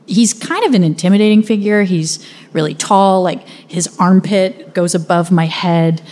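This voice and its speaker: Speaking in a darkish tone on the low side, a young woman from the United States shares a first-person story about her own life, keeping it vivid and conversational.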